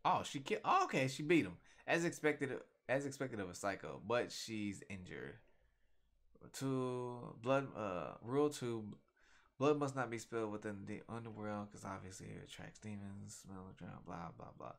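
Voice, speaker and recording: A man casually reacting to a webcomic, reading panels aloud with slangy, animated commentary from a home desk mic. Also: fairly low pitch, moderate pace, creaky. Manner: animated, slangy, reads comic lines aloud. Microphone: desktop USB microphone.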